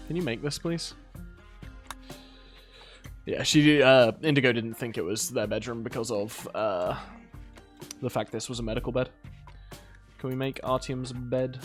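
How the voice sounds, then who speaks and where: A British man casually commentating a colony game, rambling about side topics and scolding his characters in exasperation. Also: medium pitch. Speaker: gaming video host. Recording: faint game music behind.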